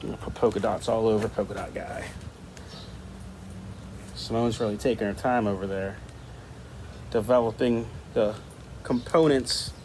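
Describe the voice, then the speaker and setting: A man's voice: on the low side, steady tone, moderate pace, long pauses, darkish tone, slight background noise. A man who teaches art, talking casually and thinking aloud while he draws. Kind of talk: casual talk-along art lesson.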